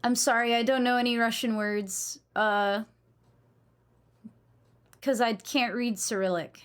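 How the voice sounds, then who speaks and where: A young woman from New England talks casually to her stream chat. Her voice sits a little on the high side, and her manner is blunt and opinionated, with plenty of swearing. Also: fairly even intonation, measured pace, clear, resonant tone. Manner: chatty, blunt, swears freely.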